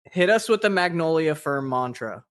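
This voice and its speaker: A man's voice: on the high side, animated, normal speed, a bit bright. A man co-hosting a business podcast, an attorney chiming in with short friendly questions. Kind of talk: casual podcast interview.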